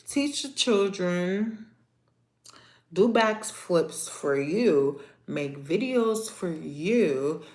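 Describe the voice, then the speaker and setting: Sassy woman ranting in an echoey room. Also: lowish voice. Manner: animated, sassy, talks straight to viewers. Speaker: livestream host. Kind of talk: casual livestream rant.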